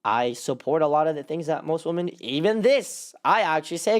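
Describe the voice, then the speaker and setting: A man co-hosting a casual podcast chat, talking in an animated, rambling way with lots of fillers. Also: on the high side, normal speed, few pauses. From California. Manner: animated, rambling with many fillers and quoted put-on voices. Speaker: podcast co-host.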